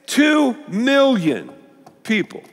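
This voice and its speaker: A man preaching a sermon as pastor, with an animated, playful manner. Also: very high voice, drawn-out words. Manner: animated, playful, leads the congregation in call-and-response. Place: large church auditorium. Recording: long reverb of a large church hall.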